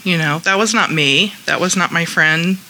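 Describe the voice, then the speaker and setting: A woman sharing her experience at a support meeting in a chatty, animated way, quoting the people she talks about. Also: on the low side, normal speed, a little hiss or hum, rough recording. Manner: chatty, animated retelling with quoted voices. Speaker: group member sharing. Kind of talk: personal share at a support meeting.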